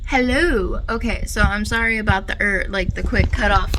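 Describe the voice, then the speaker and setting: A young woman chatting casually in a book vlog, animated and quick to swear, filmed on a phone. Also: medium pitch, background noise. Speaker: book vlogger. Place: at her workplace before clocking in.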